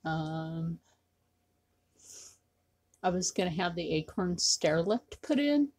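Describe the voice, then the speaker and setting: Woman vlogger, rambling casual talk to camera, husky, slow. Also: fairly low pitch, lively intonation, a little mellow. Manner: rambling, repetitive, with many fillers.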